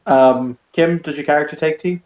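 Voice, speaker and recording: A man narrating a tabletop game as game master, often halting and repeating words as he describes the scene. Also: on the high side, darkish tone, roomy sound, rough recording.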